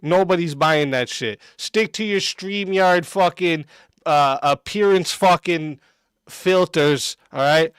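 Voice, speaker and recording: A man's voice: fairly high pitch, slow pace, a bit bright, clean tone, dry recording. A man streaming a reaction and ranting back at a clip, aggressive and mocking, cursing constantly. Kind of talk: profane reaction rant.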